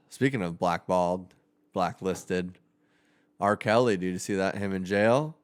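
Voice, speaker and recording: A man's voice: sits low, slow, smooth. A young man co-hosting a podcast, talking in a loose, rambling way with frequent restarts. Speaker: podcast co-host. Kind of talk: casual chat.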